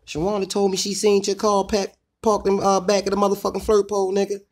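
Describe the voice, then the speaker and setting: A man voicing an angry young woman who cusses out her partner in a high, shrill put-on voice. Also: completely flat delivery, fast, natural voice. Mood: furious. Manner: shrill, cussing, threatening.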